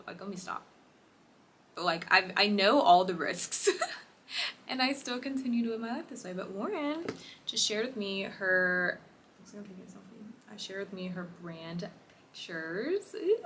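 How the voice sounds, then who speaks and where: A woman's voice: on the low side, fairly bright tone. Chatty young woman vlogging at home. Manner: chatty, rambling, laughing often. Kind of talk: casual vlog chat. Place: home, indoors. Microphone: phone or camera held close. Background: air conditioner hum.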